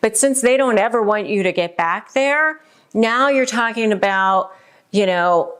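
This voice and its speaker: Smooth-voiced woman giving casual advice. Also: on the high side, a little slow, a bit bright. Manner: conversational, many fillers, acts out quotes. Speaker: host giving relationship advice. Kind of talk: casual advice video to camera.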